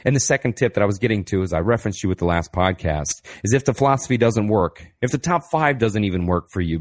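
A man hosting a podcast, talking through self-help advice in a blunt, casual way, swearing freely and asking rhetorical questions. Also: lowish voice. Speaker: podcast host and author.

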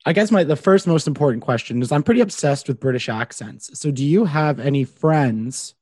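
A man's voice: on the high side, expressive, moderate pace, darkish tone, breathy edge, no echo. A man from Canada hosting a podcast, chatting in an upbeat, casual way with lots of fillers. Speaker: podcast host. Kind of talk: podcast intro and interview.

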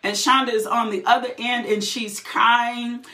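A woman's voice: a little high, level tone, unhurried, pushed and bright. A woman giving a fervent, emotional personal testimony, repeating phrases and breaking into laughter. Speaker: testifying believer. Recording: roomy echo.

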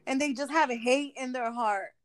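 A woman's voice: sits high, normal speed, dry recording. A woman co-hosting a podcast in casual chat, emphatic, with lots of fillers and swearing. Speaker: podcast co-host.

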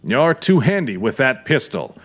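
A man's voice: medium pitch, very animated, a little slow, a bit bright. A man voicing a firm, blunt young small-town police officer, in an audiobook reading. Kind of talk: audiobook character voice.

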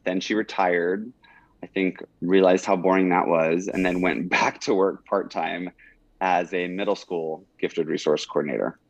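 Podcast guest: a low-voiced man, rambly and thoughtful, dull and dry sound. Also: fairly even intonation, measured pace, gravelly, dry recording. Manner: rambling, reflective, full of "like" and "um". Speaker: college teacher. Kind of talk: casual conversation. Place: in Oklahoma.

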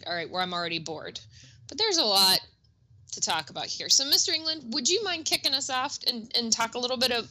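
A woman's voice: fairly high pitch, pushed and bright, rough recording. A middle-aged woman co-hosting a music teaching podcast, chatty and upbeat with self-deprecating asides. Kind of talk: casual educational podcast chat.

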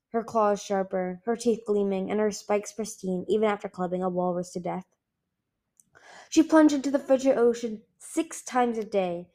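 A woman's voice: medium pitch, a little mellow. Chatty woman reading a book aloud. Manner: chatty, rambling, many fillers. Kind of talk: casual chat and book reading.

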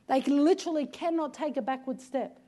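Woman pastor, very high voice, emphatic sermon delivery, repeats "come on". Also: fairly quick, warm tone. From Australia. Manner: emphatic, repeats "come on", often raises her voice.

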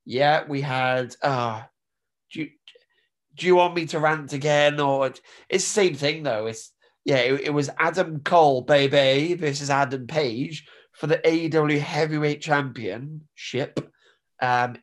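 A man in his thirties from the UK, hoarse from pollen, co-hosting a podcast in jokey, rambling casual chat. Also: mid-range voice. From United Kingdom. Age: 30s. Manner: jokey, rambling wrestling fan. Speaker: podcast co-host.

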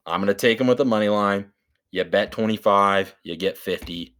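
A man co-hosting a podcast, brashly pitching sports bets in casual, swearing chat. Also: moderate pace, fairly bright tone. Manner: brash, swearing, calls his co-host baby. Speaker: podcast co-host.

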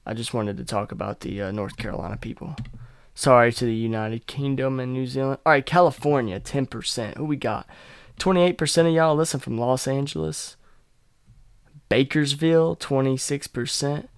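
A man's voice: mid-range voice, moderate pace, clean tone, no echo, clean studio sound. A young man hosting his own podcast, chatting casually, rambling, joking crudely and laughing often. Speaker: podcast host. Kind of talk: casual solo podcast chat.

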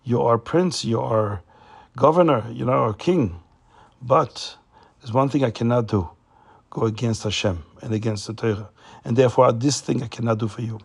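A man speaking as a steadfast old-world rabbi who explains patiently and holds firm. The voice is gravelly and husky, plain in pitch. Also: moderate pace. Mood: resolute.

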